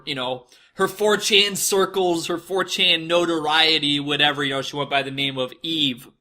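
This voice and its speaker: A young man with a very bright, ringing voice that sits a little high tells a personal story. He rambles through a casual monologue, piling on fillers and frequent swearing. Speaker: podcast host telling a personal story.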